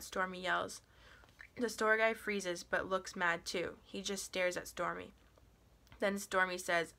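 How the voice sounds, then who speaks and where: A woman reading a first-person audiobook in a plain, steady storytelling manner. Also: mid-range voice, normal speed, gravelly. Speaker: audiobook reader.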